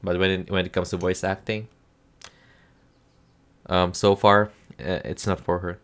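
A man with a Filipino accent talks in a low, fairly flat voice that still has a bright edge. He speaks slowly and hesitantly, filling gaps with ums and restarting his sentences. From Philippines. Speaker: show reviewer. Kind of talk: casual spoken review.

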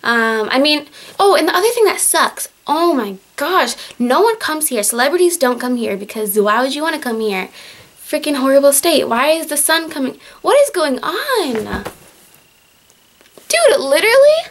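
A woman's voice: high voice, lively intonation, moderate pace, fairly bright tone. A teenage girl from Michigan with a Michigan accent, chatting at home in a casual vlog, exasperated and full of fillers and restarts. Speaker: vlogger on a group channel. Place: at home, in winter.

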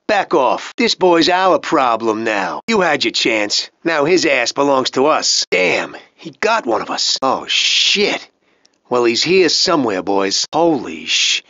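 A man's voice: mid-range voice, big pitch swings, slow, pushed and bright, dry recording, heavily acted. An actor playing a brutal, foul-mouthed male gang thug in a video game, swaggering and taunting with lots of profanity. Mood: muttering, bored. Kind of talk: video game character dialogue. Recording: dry, slightly dull studio sound.

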